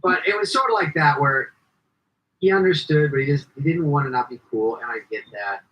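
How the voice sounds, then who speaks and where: A man's voice: a little fast, a little hiss or hum, low-quality recording. A man chatting casually on a podcast, telling stories and acting out quotes, swearing and laughing often. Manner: animated, acts out quotes in jumps of pitch. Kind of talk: casual chat, storytelling.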